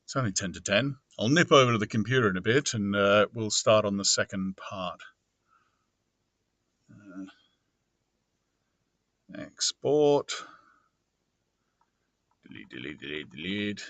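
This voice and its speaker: Audiobook guy talking through his edits, bright voice, super dry close mic. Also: lowish voice, unhurried, long pauses, no room sound. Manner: relaxed, muttering to himself. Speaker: audiobook narrator. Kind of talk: casual talk while editing recordings.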